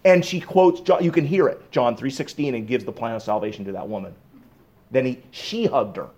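A man preaching a sermon, swinging from emphatic raised bursts to low, hushed reflection. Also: a little fast. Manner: emphatic, rising to raised bursts on key points. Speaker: pastor.

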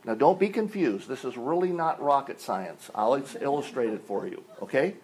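A man's voice: mid-range voice, expressive, moderate pace, a little mellow, breathy edge. An older man preaching a sermon, explaining things step by step like a teacher and leaning on single words for emphasis. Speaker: pastor.

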